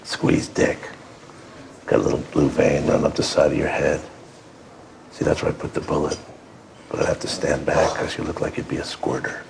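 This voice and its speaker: A taunting American army general with a voice pitched at the very bottom and thick with gravel. He is slow, crude and threatening, and there is a faint hum behind him. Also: flat delivery, heavily acted. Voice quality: gravelly, very low. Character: menacing gruff American male army general. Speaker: film character in a clip.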